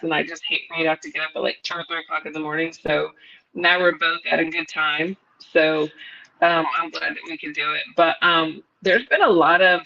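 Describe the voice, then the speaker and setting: A woman hosts a casual live-stream chat with a bright, forward tone. She talks loosely, full of fillers, and laughs easily. The stream audio sounds muffled and lo-fi. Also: fairly low pitch. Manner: chatty, laughs often, many fillers. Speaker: host.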